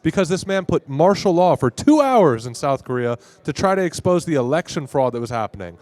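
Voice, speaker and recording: Emphatic, slightly high-voiced man. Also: very animated, fairly quick, darkish tone, dry recording. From Arizona, US. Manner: emphatic, agreeable, opinionated. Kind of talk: casual conversation. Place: convention floor.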